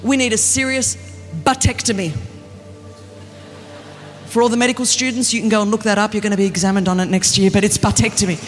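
An animated, joking woman, preaching a conference sermon and often building to a shout. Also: mid-range voice, fast, pauses often. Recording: echoey arena with faint music.

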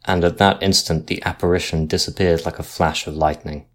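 A man reading a sea ghost story aloud in a measured, dramatic narration style. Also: sits low, steady tone.

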